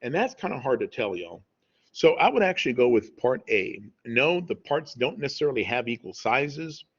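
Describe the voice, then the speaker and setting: A man with a husky, slightly breathy voice walks through math problems in a relaxed, conversational tone, checking in with "okay?" as he goes. The audio is dull and lo-fi, like a home screen recording. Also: mid-range voice, normal speed. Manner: conversational, says "y'all" and "okay?" often. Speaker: math teacher.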